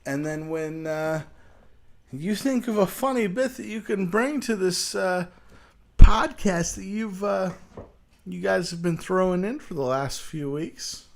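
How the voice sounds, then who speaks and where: Brief: male host, profane roast commentary, slow deliberate pace, higher voice. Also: gravelly. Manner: crude, mocking, stammering restarts. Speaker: show host.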